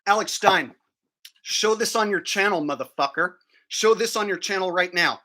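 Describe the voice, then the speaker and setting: A man's voice: sits high, normal speed, pushed and bright. A man ranting crudely and combatively on a livestream, talking while eating. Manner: talks while chewing food. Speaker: streamer. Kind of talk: profane livestream rant.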